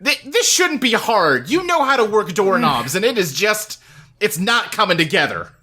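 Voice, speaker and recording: A man narrating a tabletop game as game master, relaxed and hesitant, with many fillers. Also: sits high, moderate pace, breathy edge.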